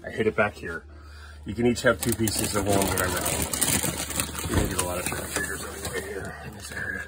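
A man's voice: deep voice, flat delivery, fairly quick, heavy background noise. A man filming a casual family vlog at home, coaxing and joking with his children as he hurries them through bath time. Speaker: father filming his kids.

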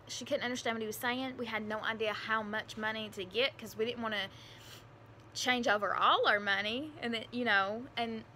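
A woman's voice: mid-range voice, bright, forceful tone, slight background noise. A young woman with a country accent telling a personal story in a casual, rambling, earnest way, with lots of fillers. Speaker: adoptive mother vlogger.

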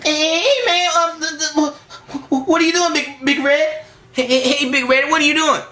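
A man's voice: extremely high pitch, moderate pace, sharp tone, a little hiss or hum. A man voicing a timid male bird with a heavy stutter in a comedic puppet skit, hesitant and pleading. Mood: nervous.

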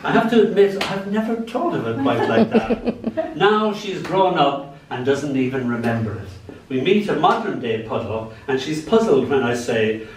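A man's voice: fairly high pitch, expressive, moderate pace. A middle-aged man giving a live poetry reading at a showcase, wry and given to chuckling asides. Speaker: poet. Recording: roomy hall, distant mic, faint room noise.

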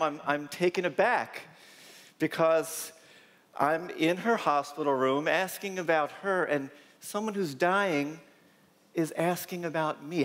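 A man's voice: fairly high pitch, unhurried, fairly bright tone. Punchy male keynote speaker in a hall. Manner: punchy, dramatic, with repeated short lines. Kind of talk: storytelling keynote talk. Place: large conference hall. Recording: long reverb in a big hall.

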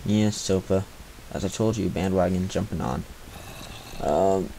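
Male gamer, unhurried and muttering, frustrated asides, cheap mic with faint hiss. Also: deep voice, creaky, dark tone, poor audio. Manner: mumbling, grumbling to himself with frustrated asides. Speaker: gaming commentator. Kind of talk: live gameplay commentary. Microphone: cheap replacement microphone.

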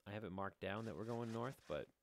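A gaming video host, a middle-aged man, speaks at a fairly low pitch and a little fast. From a room at home he rambles through casual let's-play commentary, joking and addressing his viewers while playing.

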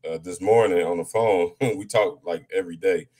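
A man's voice: sits low, moderate pace, mellow, husky. A man hosting a religious live reading, talking casually and jokingly with many fillers and restarts. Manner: joking, conversational.

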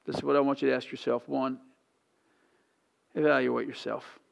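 A pastor preaching a sermon in a church sanctuary, pleading and impassioned, swinging from hushed to loud. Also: male voice, mid-range voice, little pitch movement, normal speed, vocal fry.

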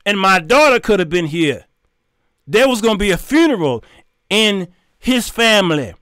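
A middle-aged man, hosting his show and telling a story in an animated, preachy way with sudden shouts. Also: high-pitched, unhurried, clean tone, dry recording, studio quality. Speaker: show host. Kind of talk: storytelling commentary.

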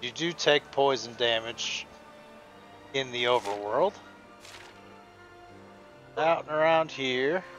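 A man gives relaxed let's-play commentary at an average pitch. He thinks out loud as he plays and reads the on-screen text along the way. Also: slow pace, pauses often, dull audio, faint music behind. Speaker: gameplay host.

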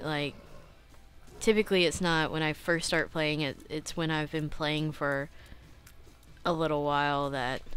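A young adult woman hosting a casual let's-play, chatty and self-critical, clearing her throat often and breaking into excited outbursts. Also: low-pitched. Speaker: gaming channel host.

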